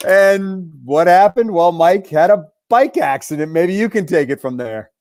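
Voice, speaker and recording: A man hosting a casual sports radio talk show, upbeat and teasing with quick asides. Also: sits high, animated, darkish tone, no echo, studio quality. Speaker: radio play-by-play voice and show host.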